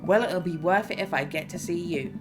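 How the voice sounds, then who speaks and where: A woman voicing an excitable teenage girl with an eager, bubbly way of talking, over background music. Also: on the low side, a little fast, close to an everyday voice. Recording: music playing behind.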